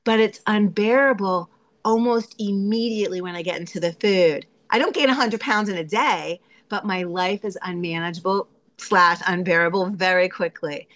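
At a recovery meeting, a woman shares candidly and chattily about herself, laughing often and acting out her own inner voice. Her voice is mid-range and fairly bright at a normal speed.

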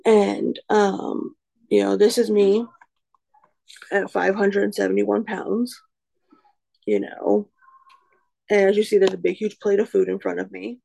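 A woman's voice: medium pitch, fairly even intonation, measured pace, creaky, pauses often, mellow, low-quality recording. A woman in her twenties gives a candid personal testimony in a frank, self-deprecating way, rambling with lots of "you know" and "um". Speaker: recovery speaker sharing her story.

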